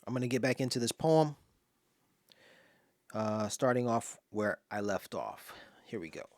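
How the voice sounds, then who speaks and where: A man's voice: mid-range voice, animated, unhurried, no room sound, studio quality. A man from Los Angeles giving casual spoken commentary on his own poem, telling stories with voiced asides and sometimes dropping to a whisper.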